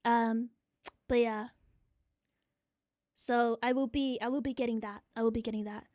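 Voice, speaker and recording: A woman from New Zealand with a New Zealand accent, chatting excitably on a live stream, a bit out of breath and swearing freely. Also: on the high side, moderate pace, no echo, clean studio sound. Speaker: VTuber streamer.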